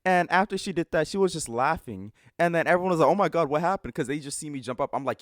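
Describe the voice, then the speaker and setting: A man telling a funny personal story in a storytime vlog, animated and exaggerated, swearing often. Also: fairly high pitch, fast, few pauses, no echo, clean studio sound. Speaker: vlogger.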